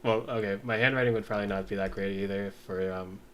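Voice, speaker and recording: A man in a casual study session, reading lines aloud slowly and mumbling as he writes and sounds out words. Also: fairly low pitch, fairly even intonation, fairly bright tone, a little hiss or hum. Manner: slow, mumbling while writing, sounds out words. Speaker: language learner.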